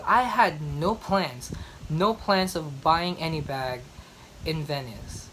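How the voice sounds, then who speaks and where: Chatty young woman with a lower voice. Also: slow, fairly bright tone, slight background noise, rough recording. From Philippines. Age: young adult. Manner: chatty, emphatic, fond of repeating herself. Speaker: vlogger. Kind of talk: casual chat.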